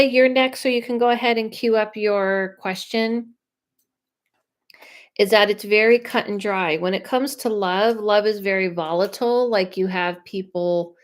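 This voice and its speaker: A woman psychic medium chatting on a live stream, reading viewer questions aloud, often restarting and thinking out loud as she talks. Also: lowish voice.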